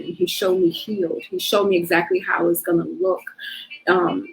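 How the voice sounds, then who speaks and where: A woman's voice: on the low side, steady tone, moderate pace, creaky, faint music behind, low-quality recording. A middle-aged woman hosting her own show, telling a personal testimony of faith in a casual, emotional way, with lots of "you know". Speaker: host sharing her testimony.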